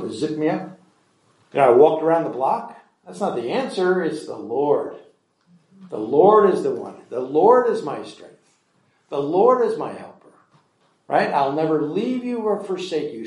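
A man's voice: on the high side, a little mellow. A man preaching a sermon, reading scripture verses aloud and then explaining them in a conversational way. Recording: echoey room.

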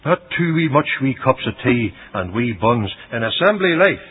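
Preacher with big dynamic swings. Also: male voice, medium pitch, big pitch swings, moderate pace, few pauses, slightly rough. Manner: dramatic preaching, voicing Christ's words with big swings from loud to hushed. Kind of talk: sermon. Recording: dull lo-fi radio recording.

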